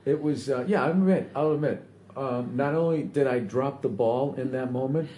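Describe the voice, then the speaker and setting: A man's voice: mid-range voice, normal speed, mellow, reverberant, slight background noise. A man hosting a podcast, teasing and blunt in casual chat, swearing freely. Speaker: podcast host.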